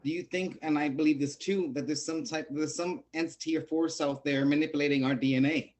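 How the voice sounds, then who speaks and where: A man's voice: on the high side, steady tone, a little fast, a little mellow. A man hosting a casual interview, polite and deferential with his guest. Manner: polite, says "yes, sir" often. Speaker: host, interviewer.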